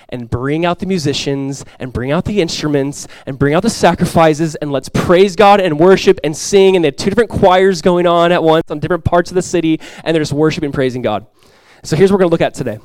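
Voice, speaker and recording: A young man from Southern California preaching a sermon, telling stories in an animated, conversational way with many fillers. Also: a little high, dry recording. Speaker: pastor. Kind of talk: sermon with prayer and storytelling.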